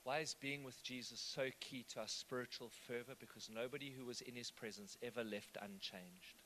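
A man's voice: medium pitch, steady tone, moderate pace, sharp tone, a little hiss or hum. A man preaching a sermon, conversational and often asking the congregation whether they follow. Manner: conversational, asks the congregation questions. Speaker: pastor.

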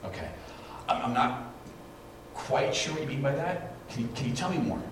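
A man preaching a sermon, animated as he acts out what people said. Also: medium pitch, moderate pace. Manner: animated storytelling, acts out quotes. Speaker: pastor. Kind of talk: sermon with live demonstration. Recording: echoey hall, distant mic, noisy.

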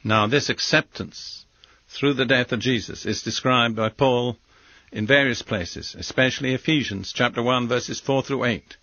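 A man of middle pitch teaches from scripture in slow, deliberate phrases. The recording is dull and lo-fi. It is close and dry with no room around it. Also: pushed and bright, dry recording. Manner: measured, deliberate delivery in short phrases. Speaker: Bible teacher. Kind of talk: sermon.

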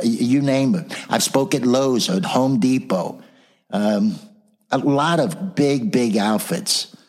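A man's voice: lowish voice, husky. An older man, a motivational speaker and trainer telling anecdotes in a casual interview, acting out the people in his stories. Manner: animated storyteller who acts out the voices in his anecdotes.

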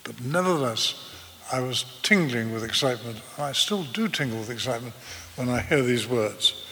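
A preacher in his eighties tells stories in a measured and vivid way. His voice is bright and forceful, and it rings out with a long reverb in a church hall. A faint ambience sits behind him. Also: mid-range voice, animated, a little hiss or hum. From eastern England. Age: 80s. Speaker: pastor. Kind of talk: sermon.

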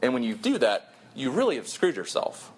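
A man's voice: medium pitch, huge pitch swings, normal speed, breathy edge. A young man preaching a sermon to college students, earnest and storytelling, with his voice jumping up for emphasis.

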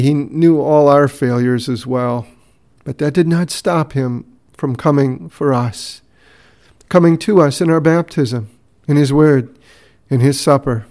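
A man hosting a devotional podcast, reading Bible passages and teaching in an earnest, measured, prayerful way. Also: mid-range voice, a little mellow.

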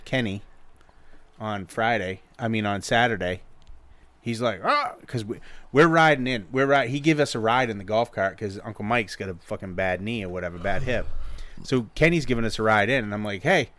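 A middle-aged man telling a long, profane story in casual chat, often mimicking others. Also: fairly quick. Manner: animated, profane storyteller who mimics others in high voices.

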